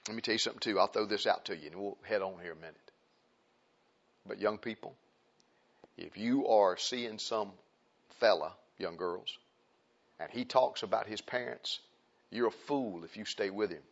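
A man preaching a conversational sermon, repeating phrases for emphasis and swinging between loud raised points and quiet, low asides. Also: normal speed, vocal fry, long pauses. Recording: dull lo-fi recording.

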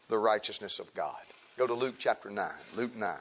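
A man's voice: moderate pace, few pauses, husky. A man preaching a folksy sermon, acting out the people in his stories. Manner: folksy, animated, acts out quoted people in high voices. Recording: dull lo-fi recording.

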